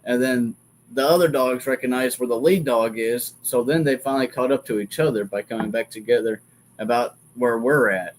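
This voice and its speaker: A man's voice: medium pitch, moderate pace, slight background noise, poor audio. A man in casual chat, chiming in with short details and agreement as a guest. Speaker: guest adding to the story.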